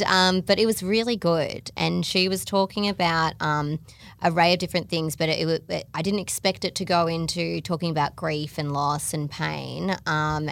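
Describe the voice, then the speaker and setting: Low-voiced gravelly Australian woman. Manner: chatty, quick, lots of "like" and laughs. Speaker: podcast co-host. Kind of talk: casual chat.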